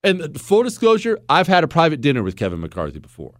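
A male radio host ranting bluntly on his talk show, his pitch swinging widely and sitting a bit high for a man. He is sarcastic and emphatic, recorded dry and close in a studio. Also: huge pitch swings, quick pace, no room sound. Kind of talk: opinionated talk radio monologue. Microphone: studio microphone.

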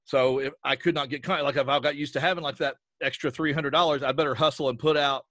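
A man's voice: on the high side, fairly even intonation, quick pace, fairly bright tone, dry recording. Male podcast guest from Southwestern Virginia, rambling and self-deprecating, dry close sound. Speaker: podcast guest, audio drama creator. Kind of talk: casual podcast conversation.

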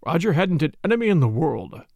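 A man voicing a stolid, unemotional military man who speaks quietly and tersely in an audiobook reading. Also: a little high, very animated, a little fast, gravelly, no echo, studio quality, full character voice. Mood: grave.

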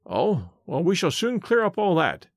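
A man reading the part of a bluff police inspector, hearty and confident and quick to exclaim. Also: sits high, wildly swooping pitch, no room sound, clean studio sound, full character voice. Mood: businesslike. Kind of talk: audiobook character reading.

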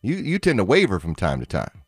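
A man's voice: on the low side, huge pitch swings, brisk, slightly rough, no room sound, studio quality. A man co-hosting sports talk radio, needling and questioning his partner.

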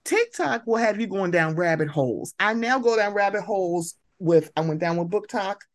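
A woman's voice: medium pitch, animated, normal speed. A woman hosting a podcast, giving blunt, slangy commentary in casual chat and often acting out quoted reactions. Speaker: podcast host.

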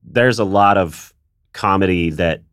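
A man's voice: low-pitched, a bit bright, clear, resonant tone, no room sound. A man, a comedian guest chatting casually on a podcast, rambling and restarting his sentences. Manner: rambling, self-interrupting, drops into quick voices.

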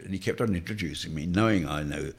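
A man's voice: deep voice, fast, gravelly, slightly rough. An older man, an interview guest, telling wry, rambling anecdotes and chuckling through them. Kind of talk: anecdotal reminiscing.

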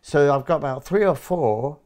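A man's voice: a little high, lively intonation, normal speed, darkish tone. A man in his fifties from England, a guest in an interview, chatting casually and acting out little dialogues with many restarts.

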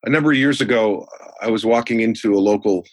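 A man in his sixties, a sales trainer guest in an interview, telling stories in an animated way. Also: fairly low pitch, quick pace, no room sound. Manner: animated storyteller. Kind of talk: storytelling in a podcast interview.

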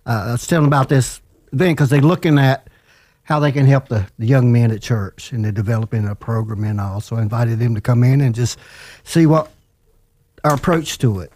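Mellow plainspoken man. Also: mid-range voice, dry recording. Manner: plainspoken, halting. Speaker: podcast regular. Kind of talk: casual studio chat.

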